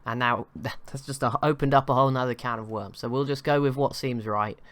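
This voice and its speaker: A man's voice: medium pitch, steady tone, brisk, a bit bright, dry recording. A young man giving casual commentary on a strategy game, rambling and often correcting himself. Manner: rambling, self-correcting, apologetic. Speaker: gaming channel host.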